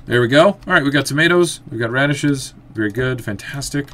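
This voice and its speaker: A man giving casual let's-play commentary, thinking aloud as he plays and breaking into excited outbursts. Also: medium pitch, a little fast, a little hiss or hum. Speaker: gameplay commentator.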